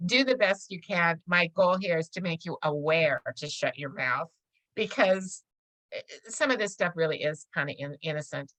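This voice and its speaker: A woman's voice: fairly low pitch, normal speed, a bit bright, no echo, low-quality recording. A middle-aged woman teaching a real estate course in a casual, chatty way, often laughing as she tells stories. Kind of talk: casual classroom lecture.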